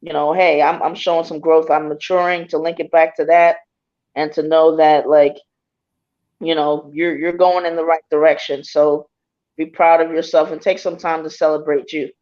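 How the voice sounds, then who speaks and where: A woman giving a live psychic reading, hesitant and gentle, with many fillers. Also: deep voice, level tone, moderate pace, lo-fi sound. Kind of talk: casual live tarot reading.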